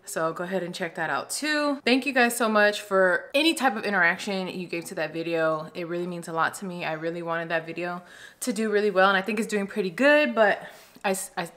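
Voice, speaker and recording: A woman vlogging at home in a casual, chatty and expressive way, talking straight to her viewers. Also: lowish voice, brisk. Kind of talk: casual chat to camera. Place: home kitchen while cooking.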